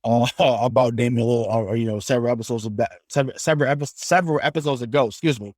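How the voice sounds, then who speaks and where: A man co-hosting a casual sports podcast, animated and profane, climbing into loud rants. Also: medium pitch, rapid-fire, no room sound, clean studio sound. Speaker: podcast co-host.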